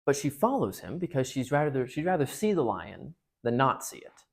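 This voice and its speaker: A man's voice: medium pitch, big pitch swings, moderate pace, gravelly, husky. A man at a parish retelling a novel and reading from it aloud, in a chatty, joking way. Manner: chatty, jokey, many fillers. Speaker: parish speaker.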